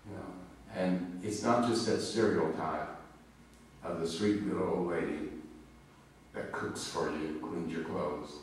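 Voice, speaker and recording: Male pastor, low voice, chatty anecdotal sermon; distant mic in a very echoey church with faint noise. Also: steady tone, a little slow. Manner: conversational storytelling with personal anecdotes. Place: church sanctuary.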